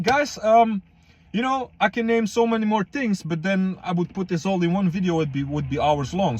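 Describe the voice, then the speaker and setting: A young man casually talking to viewers as a fitness vlogger, slangy and loose, calling them guys and bro. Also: high-pitched. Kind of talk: casual advice vlog.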